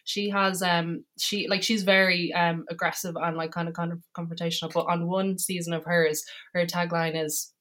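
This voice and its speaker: A woman's voice: fairly low pitch, little pitch movement, moderate pace, hardly any pauses, fairly bright tone. A woman guest on a podcast, chatting casually, rambling with lots of restarts and self-mocking asides. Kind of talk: casual chat.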